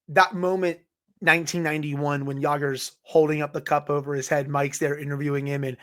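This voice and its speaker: A man's voice: a little high, fairly bright tone. A man co-hosting a sports podcast, talking enthusiastically and fondly in a casual way. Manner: enthusiastic, fond, lots of "you know" fillers. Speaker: podcast co-host.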